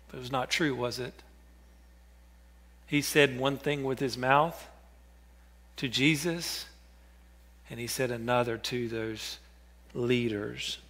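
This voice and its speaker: A man preaching a sermon, earnest, repeating names and phrases and dropping to a hush for quoted words. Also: mid-range voice, steady tone, slow pace, long pauses. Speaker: pastor.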